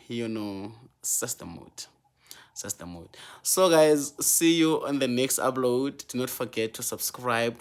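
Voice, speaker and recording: A young man from South Africa talks straight to his viewers in an emotional vlog, pleading and repeating himself, stumbling over restarts. His voice sits a bit low for a man. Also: a bit bright. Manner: pleading, repetitive, stammers and restarts. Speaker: vlogger. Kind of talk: emotional vlog talk to camera.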